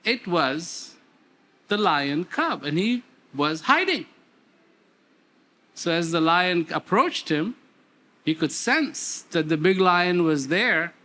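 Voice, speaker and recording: A man tells a parable at a slow, deliberate pace and repeats words for emphasis. His bright voice swoops widely up and down as he draws out the story. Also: high voice, big pitch swings. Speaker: speaker. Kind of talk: storytelling talk.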